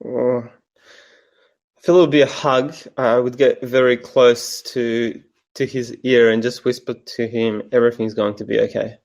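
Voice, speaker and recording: A man with an Australian accent, a coach speaking as an interview guest, calm and thoughtful with soft pauses. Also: mid-range voice. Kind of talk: reflective interview answers.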